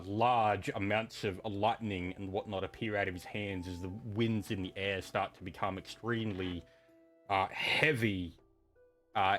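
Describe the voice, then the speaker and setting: A man's voice: lowish voice, a bit bright. A man narrating as game master of a tabletop game, rambling with many fillers and restarts.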